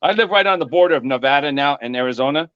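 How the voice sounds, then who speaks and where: A man's voice: a little high, expressive, racing, a bit bright, smooth, highs cut off. A man joining a casual chat as a guest, easygoing and agreeable.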